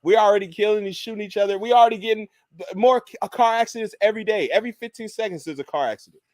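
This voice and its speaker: A man's voice: high-pitched, racing, a little mellow, dry recording. A man hosting a podcast, ranting in casual chat with lots of profanity. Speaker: podcast host.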